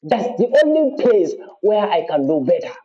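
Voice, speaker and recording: A man with a Gambian accent talks straight to his followers in a passionate, defiant monologue. His voice sits high for a man, and he drives his points home by repeating them and swearing oaths. The recording sounds dull and lo-fi. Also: very animated, moderate pace, mellow. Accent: Gambian English. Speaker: activist speaking to his followers. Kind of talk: impassioned monologue.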